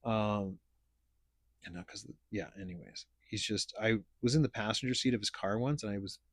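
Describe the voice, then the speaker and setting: A man's voice: lowish voice, normal speed, a bit bright, no room sound, studio quality. A man hosting a casual podcast chat, telling stories in a blunt, profane, rambling way. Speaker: podcast host.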